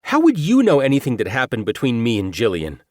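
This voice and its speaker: A cornered, defiant man with a scoffing edge, as a male audiobook reader puts him on. The voice sits well above the reader's own deep tone and pushes louder. Dry, close studio sound. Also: wildly swooping pitch, brisk, no room sound. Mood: rattled. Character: cornered, defiant middle-aged man, sneering. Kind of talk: audiobook character voice.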